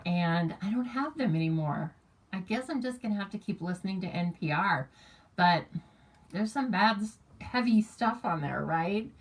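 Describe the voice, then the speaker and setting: An American woman hosting a craft live stream, chatting casually, greeting viewers by name and reading their comments aloud. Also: lowish voice. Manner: chatty and rambling, reads viewer comments aloud, laughs easily. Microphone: camera mic on a live stream.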